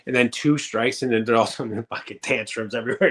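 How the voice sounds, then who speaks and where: A man's voice: medium pitch, fast, a bit bright. A man in his thirties, a former pro hockey player, telling rambling, profane stories in a casual interview. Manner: rambling and profane, many fillers.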